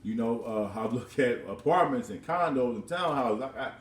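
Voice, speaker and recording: Speaking expressively at a moderate pace, a man in his thirties vlogs from his house, telling a rambling personal story with repeated words and frequent chuckles. His mid-range voice was recorded from a distance, sounding roomy and off-mic.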